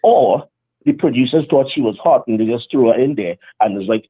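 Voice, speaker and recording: A man's voice: mid-range voice, very animated, brisk, vocal fry, breathy edge. A man calling in to a live stream, arguing his point insistently. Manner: argumentative, insistent. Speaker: caller. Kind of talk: phoned-in rant. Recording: tinny phone line.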